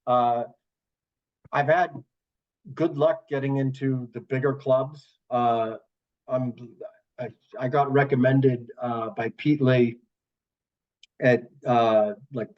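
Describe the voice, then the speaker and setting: Boston-area comedian guy rambling thru stories, swears a lot, kinda dull lo-fi sound. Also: mid-range voice. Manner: rambling storyteller, swears freely, acts out quoted voices. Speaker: comedian guest. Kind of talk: casual podcast chat.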